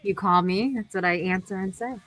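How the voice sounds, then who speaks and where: A woman's voice: mid-range voice, brisk, fairly bright tone, no room sound. A woman co-hosting a livestream, chatting playfully and laughing a lot. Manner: giggly, playful. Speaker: livestream co-host. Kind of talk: casual livestream chat.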